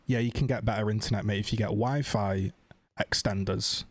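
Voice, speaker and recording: A man's voice: on the low side, steady tone, normal speed, dry recording. A man doing a flustered male phone agent. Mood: dismissive. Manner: hesitant, stammering.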